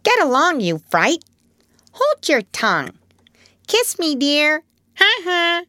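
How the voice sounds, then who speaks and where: A woman voicing a mischievous old male parrot in a shrill, croaking squawk. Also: wildly swooping pitch, slow pace, pushed and bright, no room sound, studio quality, heavily acted. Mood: mocking.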